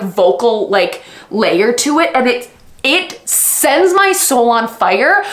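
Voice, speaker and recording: A young woman hosting a casual reading vlog, talking in an animated, gushing way with lots of fillers. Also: a little high. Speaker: vlog host. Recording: echoey room.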